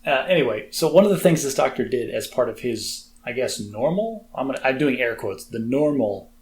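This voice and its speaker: Chatty American co-host, self-deprecating, mid-pitched voice with light background noise. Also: male voice, lively intonation, fast talker. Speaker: podcast co-host. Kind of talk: casual chat.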